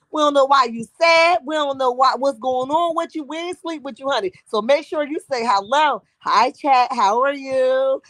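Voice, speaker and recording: A woman's voice: high-pitched, fairly bright tone, no echo. A woman hosting a casual live-stream gossip chat, sassy and talkative, calling her viewers honey and boo.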